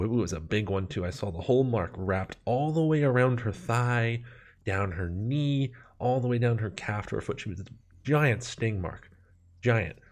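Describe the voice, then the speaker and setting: A man with a somewhat low, husky voice tells a comedic personal story. He is animated and self-mocking, often breaking off for dramatic asides, and his telling builds with comic suspense.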